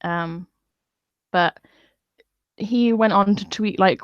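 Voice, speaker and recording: A woman's voice: mid-range voice, slow pace, long pauses, clear, resonant tone, no room sound. A woman venting in a profane, scornful live-stream rant. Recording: dull lo-fi dry sound.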